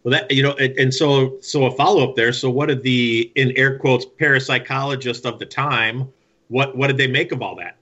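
A man's voice: mid-range voice, steady tone, moderate pace, pushed and bright. A man interviewing a guest in casual chat, reacting briefly and asking follow-up questions. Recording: dull, lo-fi audio.

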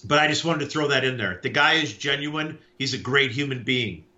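A man co-hosting a podcast, chatting casually and telling stories in an animated way. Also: medium pitch, a little fast, highs cut off. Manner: animated storyteller, acts out quotes. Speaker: podcast co-host. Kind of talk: casual chat.

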